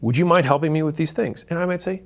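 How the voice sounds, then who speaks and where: A man's voice: on the high side, fast. Blunt, emphatic man giving advice. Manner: blunt and emphatic, swears for emphasis, acts out quoted relatives. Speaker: business creator giving advice. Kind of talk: direct-to-camera advice talk.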